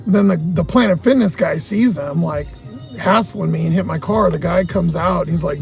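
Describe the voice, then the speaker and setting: A man's voice: fairly high pitch, normal speed, vocal fry, a little mellow, soft background music. A man hosting a livestream, telling a long, agitated story full of swearing. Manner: profane, agitated, heavy cursing. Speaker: livestream host. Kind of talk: casual storytelling rant.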